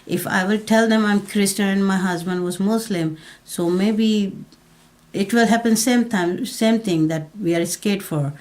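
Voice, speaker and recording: A woman from Pakistan tells her own story in an interview, talking plainly and haltingly, with frequent restarts. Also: medium pitch, a little mellow. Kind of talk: personal story told in an interview.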